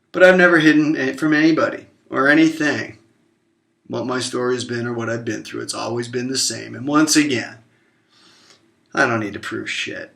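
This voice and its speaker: Man with a gravelly, heated voice. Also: a bit bright. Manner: confrontational, heated, swears openly; swings between low murmurs and raised outbursts. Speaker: vlogger. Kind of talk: emotional direct-to-camera monologue.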